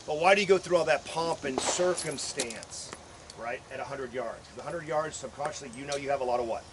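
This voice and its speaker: A man's voice: mid-range voice, a little fast. A male firearms instructor teaching a live class at an outdoor range, joking, swearing and quizzing his students as he goes. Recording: noisy outdoor recording.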